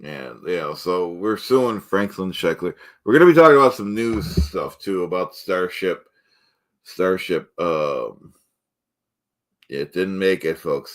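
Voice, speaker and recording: A man doing a self-important, thin-skinned guy cooking ham and eggs for a live stream, in a somewhat low voice. He rambles from topic to topic and keeps indignantly repeating that nobody should question him, all in an improvised comedy bit. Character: pompous, touchy middle-aged man cooking eggs live. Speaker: livestream host in character.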